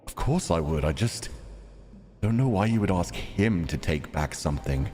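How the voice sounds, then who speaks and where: A man voicing a reserved young man, calm and earnest, in a low, soft-spoken tone for a visual novel. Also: moderate pace, breathy edge, big-room sound, soft background music.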